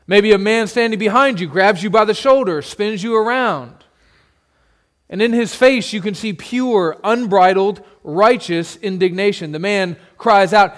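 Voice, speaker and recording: A pastor preaching a sermon, retelling a scene in vivid second person with dramatic pauses. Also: male voice, high-pitched.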